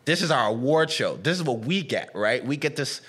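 A young man in easy, comedic chat, his talk loose and full of slang. He keeps acting out little quoted lines and bounces between stories, with his pitch sitting in an ordinary middle range. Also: normal speed, breathy edge. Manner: animated, slangy, acts out quotes. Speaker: podcast co-host. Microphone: camera-facing home recording.

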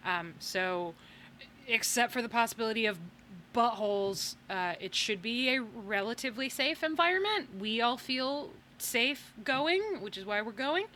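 A woman's voice: fairly high pitch, lively intonation, measured pace, bright, forceful tone, a little hiss or hum. A woman hosting a podcast, chatting casually and laughing as she makes announcements and reads out thank-yous. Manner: chatty, laughing, self-deprecating. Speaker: podcast host.

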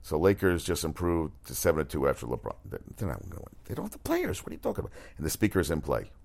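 Gravelly deep-voiced man ranting about sports. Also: huge pitch swings, rapid-fire, darkish tone. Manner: rambling, profane, frequent restarts; exasperated outbursts. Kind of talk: casual sports chat monologue.

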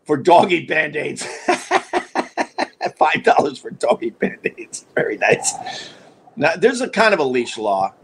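Animated, rambling man with a higher voice. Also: moderate pace, vocal fry, slight background noise. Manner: animated, restless, lots of restarts and asides; wry, self-mocking humor. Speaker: livestream host. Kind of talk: rambling casual storytelling.

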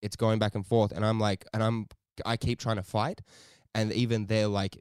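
A man co-hosting a podcast, telling a story in animated, casual chat, swearing often and laughing a lot. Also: fairly low pitch, moderate pace, hardly any pauses, smooth, no room sound, studio quality. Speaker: podcast co-host.

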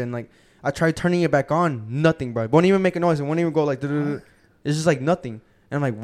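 A young man hosting a podcast, telling a profane, animated story and acting out the quotes in casual chat. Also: on the high side, racing. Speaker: podcast host.

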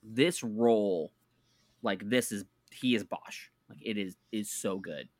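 A man's voice: lowish voice, slow, no echo, studio quality. A man co-hosting a podcast in casual chat, rambling and restarting as he eagerly recommends shows. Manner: rambling, self-correcting, enthusiastic recommendations. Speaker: podcast co-host.

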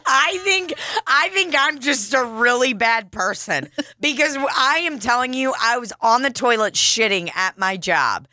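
A young woman co-hosting a casual chat, spinning animated, profane stories and laughing as she goes. Her voice is bright and forward. The sound is dry and close, with no room around it. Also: a little high, unhurried, few pauses, no room sound. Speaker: podcast co-host.

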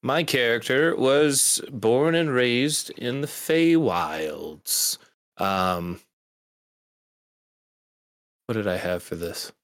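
A man playing in a tabletop game, describing his character in a relaxed, casual way. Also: medium pitch, drawn-out words, long pauses, no echo, clean studio sound. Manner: relaxed, casual, a little crude. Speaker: player.

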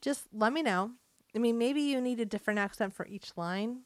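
Chatty joking woman, smooth voice. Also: on the high side, no echo. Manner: chatty, joking, quick asides. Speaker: podcast co-host. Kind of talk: casual chat.

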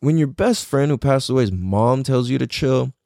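A young man tells a personal story in loose, rambling speech, packed with swearing and fillers. His delivery is intense and emotional, and his voice sits at a middle pitch. The sound is dry and close, with no room echo. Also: animated, moderate pace, gravelly, mellow.

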